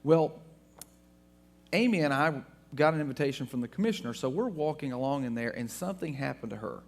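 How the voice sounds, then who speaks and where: A man from Texas, a guest speaker, telling funny anecdotes to an audience in an animated way. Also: mid-range voice, brisk, gravelly. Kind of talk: storytelling talk to an audience.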